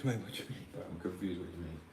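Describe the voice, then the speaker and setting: A man's voice: deep voice, fast, darkish tone, a little hiss or hum, rough recording. A young man with an English accent, talking in a brash, rambling casual rant and swearing freely. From England.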